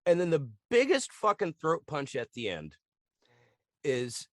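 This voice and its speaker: A man co-hosting a podcast, retelling TV scenes in a lively, swearing casual chat and acting out lines in quick voices. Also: fairly high pitch, no echo, clean studio sound. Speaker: podcast co-host. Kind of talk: casual chat recapping a TV show.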